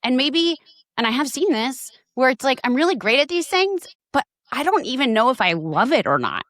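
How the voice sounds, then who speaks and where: A woman's voice: high-pitched, sing-song, moderate pace, a bit bright, no echo. A woman hosting a podcast, talking in a rambling, enthusiastic way full of fillers. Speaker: podcast host. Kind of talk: casual podcast conversation.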